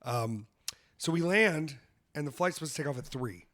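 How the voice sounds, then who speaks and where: A man's voice: on the high side, expressive, normal speed, bright, forceful tone. A man hosting a comedy podcast, telling loose, profane travel stories with frequent laughter. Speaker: podcast host. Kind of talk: casual comedic chat.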